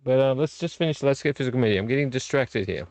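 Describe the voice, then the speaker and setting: Man, middle-aged, mid-pitched, rambling live vlog host, dry close sound. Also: animated, fast talker, a little mellow, no echo. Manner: rambling, easily distracted, self-correcting. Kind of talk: casual live-stream chat.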